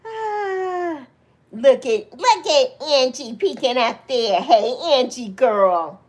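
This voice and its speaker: Woman, 60s, livestream host; affectionate chatty delivery, unhurried, voice swings up high. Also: animated. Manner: chatty, affectionate, greets viewers by name, laughs often. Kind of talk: casual livestream chat reading comments.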